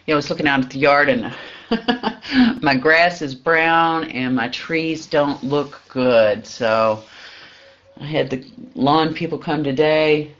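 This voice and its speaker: A man giving a reflective spiritual talk, pausing often, searching for words and laughing softly now and then. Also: a little high. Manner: halting, searching, with soft laughs and frequent pauses. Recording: dull lo-fi recording.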